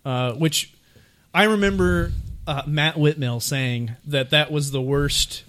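Guy on a podcast rambling about movies, kinda higher voice, swears a lot, lots of uhs. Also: slow pace, a bit bright. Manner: swears often, rambling with many fillers. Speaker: podcast co-host. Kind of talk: casual chat about films.

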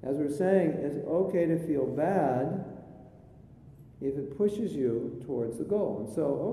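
A man as spiritual teacher giving a chatty sermon with jokes, in a live recording from an echoey hall with a faint rumble. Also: expressive, slow, dark tone. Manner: chatty storytelling, jokey asides.

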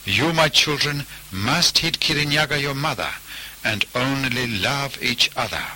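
A man's voice: medium pitch, lively intonation, measured pace, bright, forceful tone, slight background noise, low-quality recording. A man voicing a solemn, fatherly male mountain spirit who gives a stern command in a storybook tale.

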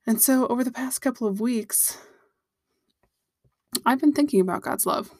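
A woman's voice: fairly high pitch, moderate pace, a little mellow, no echo. Earnest woman podcasting in a dry room. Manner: earnest, personal, addresses listeners directly. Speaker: Christian podcast host. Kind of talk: devotional podcast teaching.

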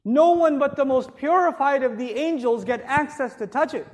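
A man delivers a religious lecture to a live audience in a high voice. He keeps it conversational and jokey, firing rhetorical questions at his listeners, then turns insistent and forceful when he presses a point. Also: moderate pace. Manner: grows forceful and insistent when urging respect. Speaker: Islamic teacher.

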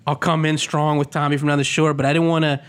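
A man's voice: a little high, level tone, fast, smooth. A man co-hosting a podcast in casual, playful chat from the Philadelphia area, restarting sentences as he goes. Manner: playful, jokey, restarts often. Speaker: podcast co-host.

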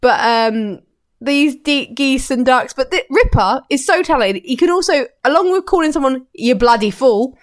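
A woman with a slightly high voice chats on a podcast, playful and quick to giggle. The sound is dry and close, with no room around her. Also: dry recording. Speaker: podcast co-host. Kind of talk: casual podcast chat.

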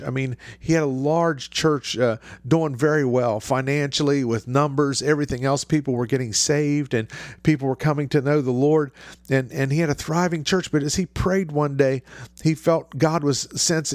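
A man's voice: fairly high pitch, no room sound. A man preaching an informal sermon in an earnest, conversational way, often restarting and repeating his phrases.

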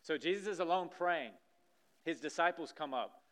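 A man preaching a sermon in a church, acting out scripture scenes with lively energy. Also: fairly high pitch, moderate pace. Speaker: pastor. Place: church sanctuary stage.

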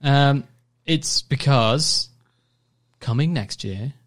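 A man co-hosting a casual radio-style show, chatty and easily excited. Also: mid-range voice, drawn-out words. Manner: chatty, excitable, cooing over fireworks. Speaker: podcast co-host.

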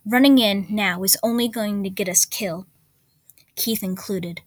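A woman's voice: normal speed, no echo, close to an everyday voice. Reader doing a blunt warrior woman, firm and urgent, in a close, dry storybook read. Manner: firm, low and urgent, hissing.

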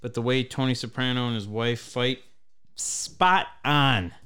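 Man, thirties, podcast host, swears a lot, rambling stories, smooth resonant tone. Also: medium pitch, a little slow. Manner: profane, rambling, animated when telling stories. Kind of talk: casual chat, storytelling.

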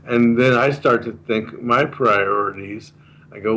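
A man's voice: medium pitch, flat delivery, moderate pace, fairly bright tone, poor audio. A man being interviewed, earnestly explaining a communication method and repeating the key points in a casual chat. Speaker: guest explaining a communication course.

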